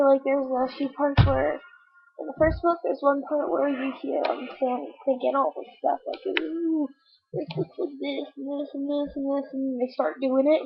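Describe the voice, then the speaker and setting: A woman's voice: high-pitched, gravelly. A teenage girl chatting casually about books to her webcam, giggly and full of filler words. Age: teens. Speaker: book vlogger. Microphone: webcam microphone. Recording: dull webcam audio with faint hiss.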